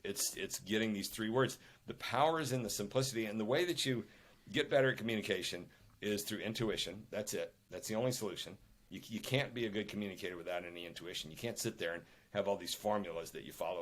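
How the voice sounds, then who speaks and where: An older man, a podcast guest and author, telling anecdotes in an animated, emphatic way. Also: fairly low pitch, fast. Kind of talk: conversational interview.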